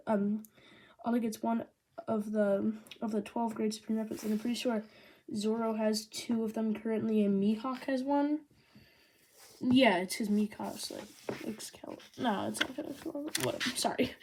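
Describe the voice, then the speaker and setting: A woman giving a casual manga review, rambling and excitable, with lots of "like" fillers. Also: a little high, normal speed, slightly rough.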